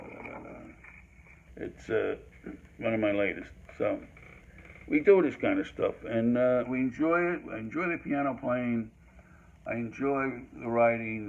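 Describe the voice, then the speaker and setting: A man's voice: mid-range voice, gravelly. An older man hosting a history talk, giving a rambling solo monologue full of fillers and restarts. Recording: dull lo-fi recording.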